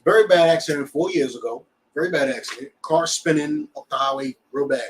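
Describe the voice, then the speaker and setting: Animated man teaching scripture, distant mic. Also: fairly high pitch, a little fast, slight background noise. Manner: animated, checks in with the class. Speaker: class teacher.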